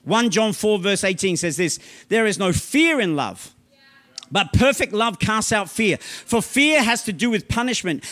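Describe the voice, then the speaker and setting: A man with a very high voice delivers a sermon with loud, emphatic bursts. He reads scripture in a slow, deliberate way and keeps checking in with his listeners between points. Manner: emphatic preaching, often asking "right?", slow scripture reading. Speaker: pastor.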